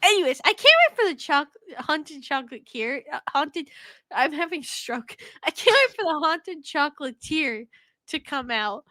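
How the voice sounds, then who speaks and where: A woman co-hosting a podcast in casual chat, excitable and quick to swear and laugh. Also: sits high, no room sound, clean studio sound. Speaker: podcast co-host.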